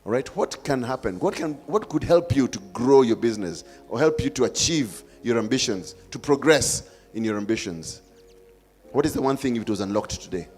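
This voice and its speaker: A man's voice: mid-range voice, animated, fairly quick, darkish tone, soft background music. A man with a Kenyan accent hosting a live forum, coaxing and playful with the audience. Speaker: event host.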